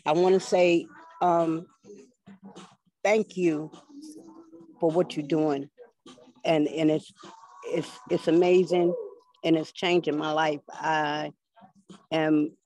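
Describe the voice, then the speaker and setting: A woman on a group call thanking the class, halting and close to tears. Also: low-pitched, flat delivery, warm tone, a little hiss or hum, rough recording. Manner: halting, restarts, fighting back tears. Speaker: class participant.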